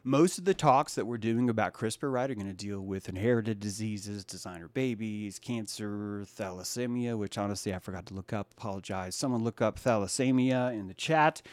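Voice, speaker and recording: A man hosting a casual livestream talk show, swinging between loud, mocking rants and low, muttered asides while greeting chat viewers by name. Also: normal speed, few pauses, no echo. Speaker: livestream podcast host.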